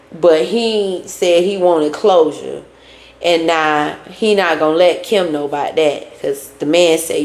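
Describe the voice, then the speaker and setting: This woman speaks in a lowish register with vocal fry, giving a laid-back rundown of a reality show. She performs both sides of each exchange, breaking into song here and there, and the room she's in is echoey.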